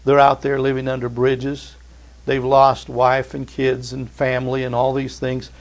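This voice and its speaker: A middle-aged man preaching a sermon, dropping to slow, hushed emphasis and climbing to loud, excited peaks. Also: medium pitch. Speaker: pastor.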